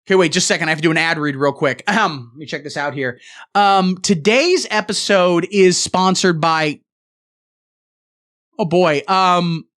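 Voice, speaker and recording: A man's voice: sits high, fairly bright tone. A man hosting a satire show, delivering a political rant in a mock-serious pundit manner.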